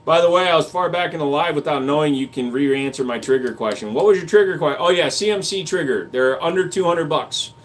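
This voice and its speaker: A man's voice: fairly high pitch, fairly quick, few pauses. A man hosting a livestream, reading chat comments aloud and answering with crude jokes and casual gun talk. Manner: crude joking banter, reads comments aloud.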